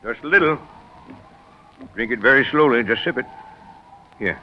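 An actor playing an aging, fatherly lighthouse keeper in an old radio drama, gruff but soothing. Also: mid-range voice, expressive, moderate pace, dull audio, slight background noise, close to an everyday voice. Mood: stern. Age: older.

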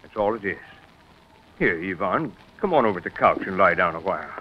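An old, fatherly lighthouse keeper talks gruffly in a voice that swings widely up and down. The sound is dull and muffled, with faint hiss, like an old radio broadcast. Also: deep voice, animated, brisk. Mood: stern. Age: older. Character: aging male lighthouse keeper, fatherly and stern. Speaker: actor in radio drama. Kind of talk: old-time radio drama acting.

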